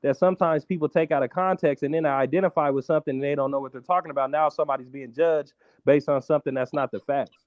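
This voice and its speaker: Man, quick talker, slightly dull dry sound; casual barbershop panelist. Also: fairly high pitch, steady tone, dry recording. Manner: fast, conversational, peppered with "bro" and "like". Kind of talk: casual debate.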